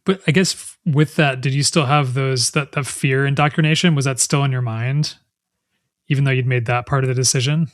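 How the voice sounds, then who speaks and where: A male podcast host asks thoughtful follow-up questions, often rephrasing them as he speaks. His voice sits at a middle pitch and sounds dry and close, with no room echo. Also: steady tone, fairly quick. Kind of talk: interview questions.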